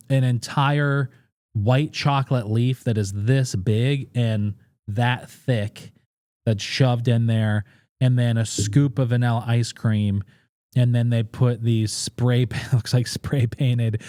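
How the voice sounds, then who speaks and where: A man's voice: medium pitch, steady tone, slow, a little mellow, no echo, clean studio sound. Blunt, profane man telling stories. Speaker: food content creator and podcast guest. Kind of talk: casual interview storytelling.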